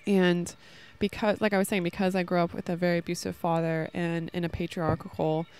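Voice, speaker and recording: A woman's voice: on the low side, flat delivery, a little fast, darkish tone, smooth. A woman in her thirties talking casually and earnestly about love and self-worth, rambling with many fillers, recorded outdoors in a park. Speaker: podcast host. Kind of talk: casual spiritual talk. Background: children playing nearby.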